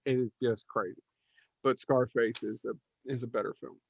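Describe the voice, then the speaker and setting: Casual movie talk comes from a male podcast co-host who rambles, swears and blanks on names. His mid-range voice keeps a steady tone at normal speed with some vocal fry, on a dry, muffled recording.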